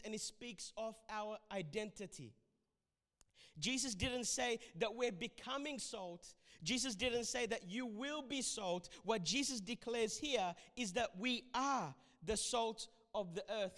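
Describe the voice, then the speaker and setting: Male preacher, high voice, emphatic sermon, church reverb. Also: fairly bright tone. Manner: emphatic, urging the congregation. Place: church hall.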